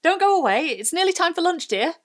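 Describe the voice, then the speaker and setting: A woman's voice: medium pitch, big pitch swings, a little fast, a bit bright, pitched above the performer's own voice. A woman voicing a timid suburban mother who is nervously polite and eager to agree. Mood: calling out.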